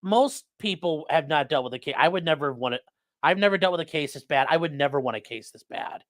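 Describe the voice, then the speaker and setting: Fairly quick and medium-pitched, the voice is captured at studio quality with no room sound. At home, the streamer chats loosely, reads viewer comments out loud, swears a lot, rambles energetically, and soothes a dog along the way.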